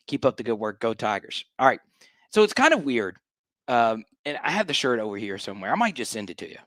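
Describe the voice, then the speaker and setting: A man's voice: mid-range voice, fairly bright tone, no room sound. A man hosting a sports fan livestream, ranting in a fired-up, hyped way and repeating lines for emphasis. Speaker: sports show host.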